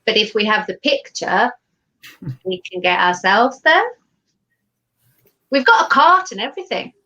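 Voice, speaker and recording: A woman playing a tabletop game, asking quick, inquisitive questions. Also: medium pitch, very animated, pushed and bright, highs cut off. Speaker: player. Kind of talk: tabletop role-play chat.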